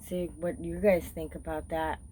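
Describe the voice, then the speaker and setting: A woman's voice: low voice, level tone, measured pace, warm tone, a little hiss or hum, low-quality recording. A woman vlogger casually recounting a dream, rambling and swearing freely. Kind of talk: casual storytelling.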